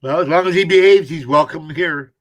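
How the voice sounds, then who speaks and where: A man moderating a casual group video call, with a voice a little higher than usual. He talks people through the settings in a helpful way and often repeats himself. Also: brisk. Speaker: stream moderator.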